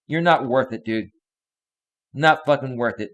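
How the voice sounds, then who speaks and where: A man with a mid-range voice hosts a live stream, talking a little slowly with long pauses. He's in an angry rant, swearing constantly and addressing his chat viewers directly by name.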